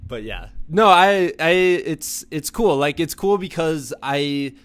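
A young man hosting a podcast in casual, self-deprecating chat that comes in quick bursts. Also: on the high side, expressive, fairly bright tone, smooth, dry recording. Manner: laid-back, self-deprecating, talks in bursts. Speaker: podcast host.

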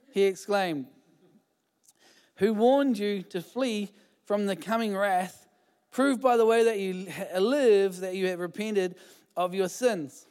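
A man's voice: sits high, a little mellow, clear, resonant tone. A man pastor giving a sermon in a chatty, informal way, with many fillers and restarts. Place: church hall. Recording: hall reverb.

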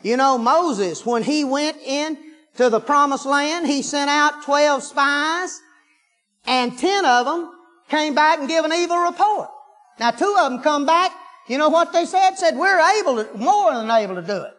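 A preacher delivers a sermon with a notably high voice. He mixes folksy storytelling with fervent bursts of praise. The sound carries a long hall reverb. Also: unhurried, a bit bright.

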